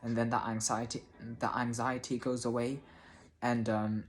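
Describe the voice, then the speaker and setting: A man telling a personal story casually to camera, halting often and restarting his sentences, with the odd swear word. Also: medium pitch, little pitch movement. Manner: hesitant, many restarts and fillers, casual swearing. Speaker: vlogger.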